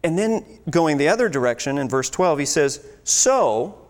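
A man's voice: a little high, lively intonation, fairly quick. A man preaching a sermon, earnest and teaching, with scripture read aloud. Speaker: pastor. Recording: long hall reverb.

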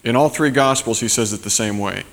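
A man's voice: medium pitch, fairly quick, gravelly, a bit bright. A man preaching a sermon as a pastor, in a loose conversational way, with many fillers and asides such as "right?". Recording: long reverb of a large hall.

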